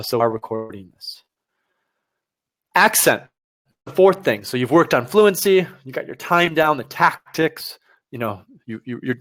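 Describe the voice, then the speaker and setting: A man teaching test preparation on a live stream, talking straight to viewers in an energetic, direct way. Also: fairly high pitch.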